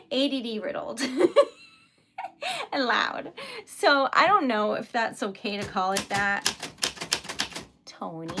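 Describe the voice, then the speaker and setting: Female streamer, fairly high voice, giggly and scattered, unhurried casual chat with typewriter clacking behind. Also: sharp tone. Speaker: livestream host and poet.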